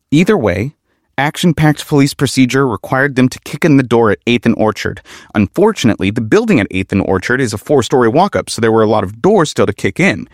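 A man narrating a comedic story with wry, deadpan asides. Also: mid-range voice, no room sound, clean studio sound.

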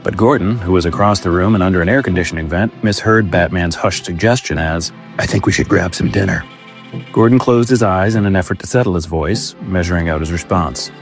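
A man giving a deadpan comic narration with a dry, wry delivery and mock-formal wording. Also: deep voice, brisk, few pauses, faint music behind.

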